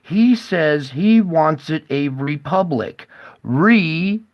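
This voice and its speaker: Male reaction host, slow-talking, slightly high voice, hesitant and rambling. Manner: rambling, hesitant, with many fillers. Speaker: commentary host. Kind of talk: casual reaction commentary.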